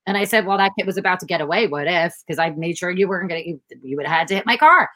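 A woman with a somewhat low voice tells stories in a casual conversation and acts out each exchange. Her sound is very dry and close. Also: racing, dry recording, poor audio. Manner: animated storytelling, acts out quotes. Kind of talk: casual chat.

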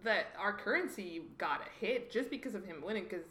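A woman from Mexico, telling personal stories in a lively conversational way and acting out the voices of others. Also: medium pitch, brisk, a crowd in the background. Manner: animated, acts out quoted voices. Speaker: guest. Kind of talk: conversational storytelling. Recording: roomy echoey room.

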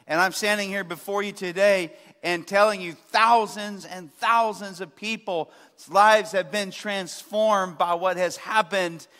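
A pastor in his forties preaching to his congregation with passion. His voice sits high for a man and sounds bright and forceful. He swings from loud emphatic peaks to quieter, lower asides, and a long hall reverb trails his words. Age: 40s. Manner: impassioned preaching, rising to loud emphasis then dropping low. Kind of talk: sermon.

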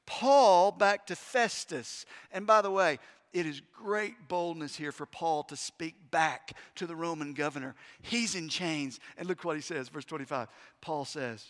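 A man preaching a sermon emphatically, moving between hushed and loud delivery. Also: on the high side, measured pace. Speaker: pastor. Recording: long hall reverb.

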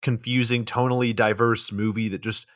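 A man's voice: mid-range voice, flat delivery, normal speed, dry recording, clean studio sound. A man co-hosting a podcast, recapping a movie's plot in a wry, casual way with offhand swearing.

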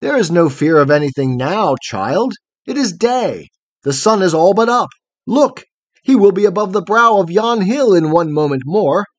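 A man's voice: high-pitched, animated, moderate pace, pitched above the performer's own voice. A man voicing an arrogant young male hunter in a storybook reading, speaking in a brusque, dismissive way.

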